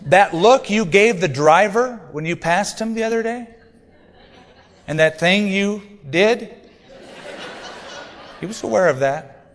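A man's voice: sits high, expressive, slow pace, long pauses, in a large hall. A man preaching a sermon in a conversational, humorous way, reading scripture aloud between stories. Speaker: pastor.

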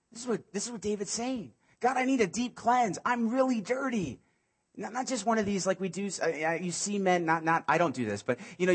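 Husky-voiced male pastor preaching. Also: on the high side. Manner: earnest, swings from hushed pleading to quick animated storytelling. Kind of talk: sermon.

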